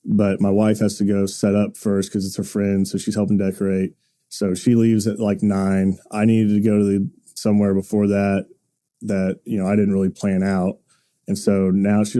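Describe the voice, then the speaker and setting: A man in his thirties on a podcast, telling a personal story in halting, earnest bursts with frequent restarts. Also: fairly low pitch, fairly even intonation, mellow. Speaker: podcast co-host. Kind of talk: casual podcast chat.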